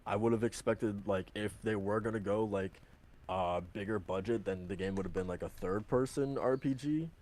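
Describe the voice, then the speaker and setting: A man's voice: on the low side, moderate pace, a little mellow. A man chatting casually on a podcast, rambling with lots of filler words, restarting his sentences and laughing easily. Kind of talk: casual chat about video games.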